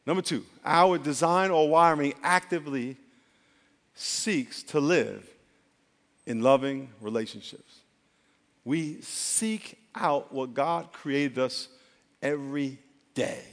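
A man preaching a sermon as pastor, animated and leading call-and-response with the congregation. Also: fairly high pitch, takes it slowly, pauses often. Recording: long hall reverb.

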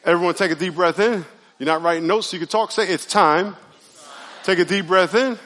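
A man preaching to his congregation in a loose, conversational way, often asking them to respond. His voice sits a little high for a man. It rings with the long echo of a large hall. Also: fairly quick. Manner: conversational, animated preaching with audience call-and-response. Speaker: pastor. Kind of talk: sermon. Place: church sanctuary.

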